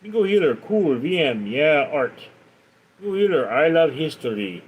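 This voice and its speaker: A man's voice: a little high, very animated, moderate pace, slightly rough, poor audio. A man hosting a live stream, casually reading out viewers' comments and answering them with chatty stories. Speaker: livestream host.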